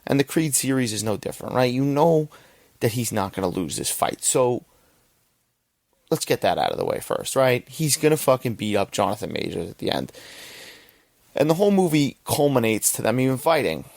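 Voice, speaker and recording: A man's voice: mid-range voice, sing-song, normal speed, creaky, a little mellow, dry recording. A young man hosting a podcast, giving a rambling, profane casual movie review and often checking in with "right?". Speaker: podcast host.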